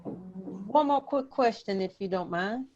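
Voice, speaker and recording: A woman's voice: mid-range voice, a little slow, a little mellow. A woman attending a webinar, asking a question hesitantly and politely. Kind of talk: online Q&A. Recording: dull lo-fi call audio.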